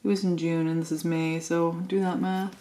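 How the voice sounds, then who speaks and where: A woman's voice: on the low side, flat delivery, normal speed, mellow. A woman chatting casually and thinking aloud while decorating a planner, joking at her own expense. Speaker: planner vlogger.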